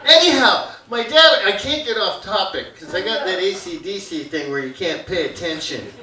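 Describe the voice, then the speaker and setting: A stand-up comedian in his fifties from Hamilton performs a brash, rambling, crude set on a theater stage before a live audience. His high-pitched voice is animated and sharp at a moderate pace, captured from far away in roomy live theater audio.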